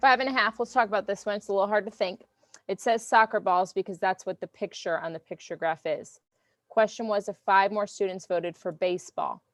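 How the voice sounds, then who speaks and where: A woman teacher, running a review game for her online class in a playful, teasing, animated way. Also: medium pitch, brisk, no room sound. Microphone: computer mic on video call.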